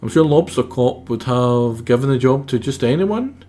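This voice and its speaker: A man's voice: medium pitch, expressive, moderate pace, mellow. A man streaming a game on a headset mic, making wry, rambling asides. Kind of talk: gaming stream commentary.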